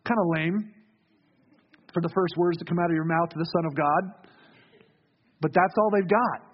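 A man preaching to his church in a high, light voice. He tells stories and often sinks into quiet, hushed phrases for weight. The recording is dull and lo-fi. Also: moderate pace, pauses often, breathy edge. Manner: storytelling, drops to soft hushed tones for emphasis. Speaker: pastor. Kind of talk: sermon.

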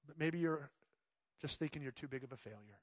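Male pastor, higher voice, dry close sound, animated sermon storyteller who acts out quotes. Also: a little fast, dry recording. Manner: drops to soft pleading tones.

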